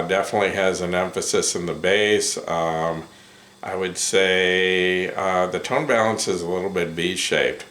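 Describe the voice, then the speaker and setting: A man giving a casual first-impressions review of headphones, unhurried and full of ums and self-corrections. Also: sits low, fairly bright tone. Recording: roomy echo.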